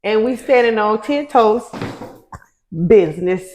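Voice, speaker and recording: A woman co-hosting a podcast in casual chat, teasing and laid-back, often speaking softly. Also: fairly high pitch, expressive, measured pace, a little hiss or hum. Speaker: podcast co-host.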